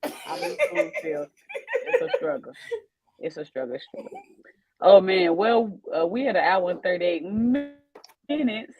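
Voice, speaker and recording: Lively animated woman co-host. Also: medium pitch, a little slow, long pauses, faint music behind. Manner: animated, laughs often. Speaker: podcast co-host. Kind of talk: casual chat.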